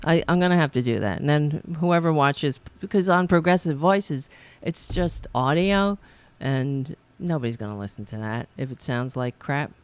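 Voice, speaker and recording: A woman's voice: low-pitched, normal speed, hardly any pauses, smooth. Blunt, profane woman streaming political talk. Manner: blunt, profane, exasperated asides. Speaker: political talk show host. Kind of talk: live-streamed political commentary. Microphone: streaming mic. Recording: tinny mic sound.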